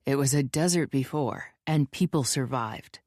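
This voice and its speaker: Blunt scornful young guy, flat and dismissive, as a woman reads him. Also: extremely low pitch, moderate pace, no echo, clean studio sound.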